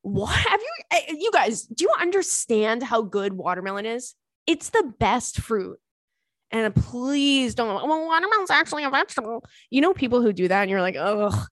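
A young woman hosting a podcast in casual chat, animated and profane, laughing often between thoughts. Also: a little high, normal speed, no room sound, studio quality. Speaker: podcast host.

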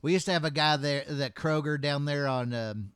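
Brash man, firefighter type, profane storyteller, bright and a bit high. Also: moderate pace, smooth, no room sound, studio quality. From Texas. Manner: crude, blunt storyteller, swears constantly. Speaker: firefighter co-host. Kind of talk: profane casual chat.

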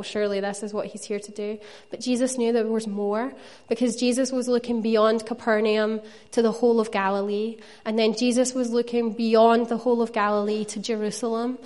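A woman's voice: on the high side, a little mellow. A woman preaching a sermon, earnest and conversational, with playful asides to the congregation.

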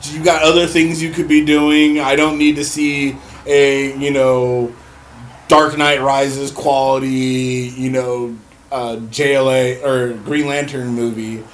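A man's voice: mid-range voice, flat delivery, takes it slowly, a little hiss or hum. Opinionated man in casual podcast banter. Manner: opinionated, emphatic, wry. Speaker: podcast co-host.

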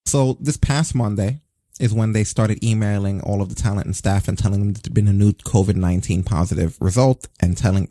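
Sarcastic man with a dark husky voice. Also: lowish voice, no room sound, clean studio sound. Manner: sarcastic, swearing, animated. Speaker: podcast host. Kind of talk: casual wrestling news chat.

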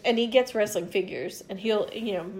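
A woman's voice: mid-range voice, moderate pace, a little mellow. A woman in her forties tells a story in a loose, rambling way, with plenty of asides. She swears freely and acts out both sides of a conversation in her own voice. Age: 40s. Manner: rambling, loose, swears freely, quotes others in back-and-forth. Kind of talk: casual storytelling chat.

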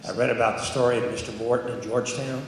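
Earnest coach asking a question. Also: male voice, mid-range voice, level tone, fast, slight background noise. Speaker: basketball coach. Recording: echoey hall.

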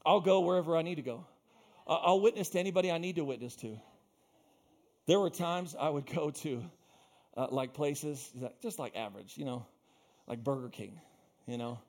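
A young adult man preaching a sermon as pastor, telling stories with loud bursts and quiet asides. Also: a little high, moderate pace, long pauses. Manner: animated storytelling, swinging between loud bursts and quiet asides.

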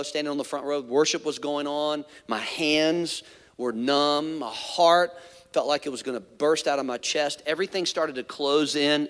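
A man's voice: a little high, a bit bright. Candid pastor, man, echoing church hall. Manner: candid, conversational, many asides. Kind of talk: storytelling sermon.

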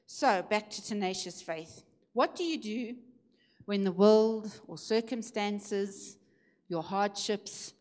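A middle-aged woman preaching a Sunday sermon, emphatic and animated, lifting her voice high when she acts out shouting. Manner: emphatic, swings pitch up for acted shouts.

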